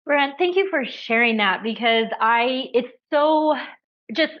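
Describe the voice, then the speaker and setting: A woman's voice: high-pitched, takes it slowly, dull audio. A woman hosting an interview, speaking earnestly to her guest. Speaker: interview host. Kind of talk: interview conversation.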